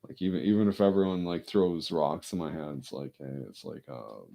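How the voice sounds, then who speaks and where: A man's voice: sits low, lively intonation, a little fast, vocal fry, dark tone. A man rambling in casual chat, often repeating himself and swearing freely. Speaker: casual talker.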